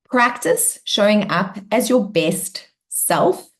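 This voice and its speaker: A woman's voice: medium pitch, expressive, slow. A woman hosting a live online coaching session in an upbeat, bubbly way, acting out cheerful affirmations as she talks. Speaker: workshop host.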